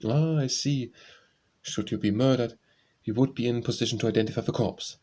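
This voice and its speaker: A man's voice: fairly low pitch, fast, warm tone, natural voice. A man voicing a stiff, apologetic male travel-office clerk who speaks politely and evasively.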